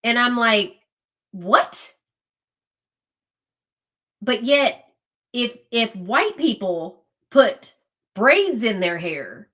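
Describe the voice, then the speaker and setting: A woman's voice: medium pitch, fairly bright tone. A woman hosting a livestream, talking to her viewers in casual political commentary, emphatic and often repeating herself. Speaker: livestream host.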